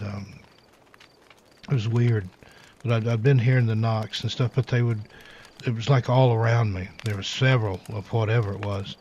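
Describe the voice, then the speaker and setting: A man hosting, recalling an outdoor experience in a relaxed, rambling way. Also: on the low side. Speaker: host. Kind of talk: casual spoken story. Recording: dull lo-fi audio with faint hiss.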